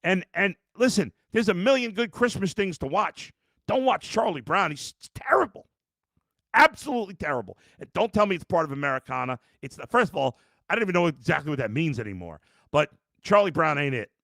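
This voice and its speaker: Male sports podcast host, exasperated ranter, gravelly voice, dry close mic. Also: sits high, very animated, brisk, fairly bright tone, no room sound. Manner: ranting, exasperated, with many restarts. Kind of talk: post-game sports talk, reading chat.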